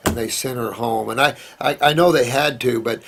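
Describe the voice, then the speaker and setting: A middle-aged man hosts a casual live Q&A, rambling in a folksy manner and calling viewers "sweetheart" and "honey." His mid-range voice carries vocal fry at a normal pace, with background noise in the recording.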